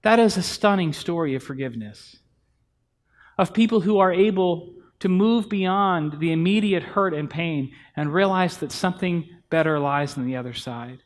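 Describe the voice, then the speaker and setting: High-voiced man preaching conversationally. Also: moderate pace. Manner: conversational storytelling with acted-out family dialogue. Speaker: pastor. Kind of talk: sermon. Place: church sanctuary.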